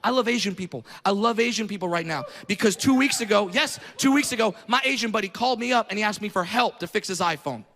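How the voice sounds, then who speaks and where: A male stand-up comedian doing a loud, profane routine that breaks into shouted rants, performing on stage before a live audience. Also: sits high, fast, hardly any pauses. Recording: echoey hall with crowd noise.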